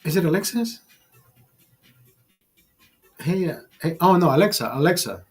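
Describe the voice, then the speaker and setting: A man's voice: fairly high pitch, lively intonation, normal speed, darkish tone, slightly rough, faint music behind. A man telling a raunchy story in a casual monologue, profane and rambling, often restarting his sentences and amused by himself. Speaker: vlogger.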